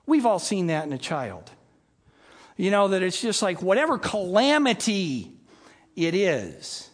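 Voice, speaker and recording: A preacher giving a sermon, who reads a scripture passage and then explains it conversationally, acting out the scenes. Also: mid-range voice. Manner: animated, acts out scenes. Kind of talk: sermon with Bible reading.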